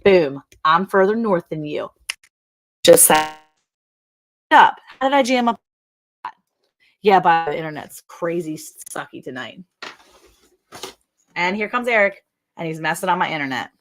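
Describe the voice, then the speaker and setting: Casual livestream host: chatty woman, slightly low voice, quick laughs, greets her viewers by name. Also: animated, a little hiss or hum.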